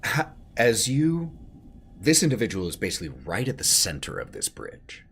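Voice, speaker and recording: A man narrating a tabletop horror game as its game master, describing scenes slowly and in detail. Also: medium pitch, big pitch swings, fairly bright tone, breathy edge.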